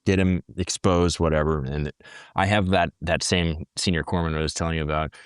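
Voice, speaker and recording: Deep-voiced man telling war stories bluntly. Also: steady tone, a little fast, clean tone, dry recording, studio quality. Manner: blunt and profane. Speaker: podcast guest, former Navy corpsman. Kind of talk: casual storytelling.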